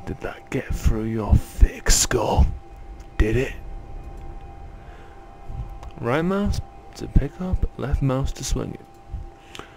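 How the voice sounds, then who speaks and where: A man voicing a gruff, condescending male tutorial instructor in a video game, barking instructions in a wandering mock Scottish accent. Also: lowish voice, measured pace, warm tone, faint music behind. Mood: bossy.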